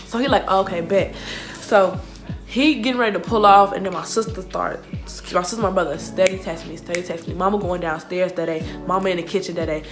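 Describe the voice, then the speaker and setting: Animated young woman telling a story. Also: fairly low pitch, fairly quick. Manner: animated, slangy, acts out quotes of others. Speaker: vlogger. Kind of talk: casual storytime. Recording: music playing behind the voice.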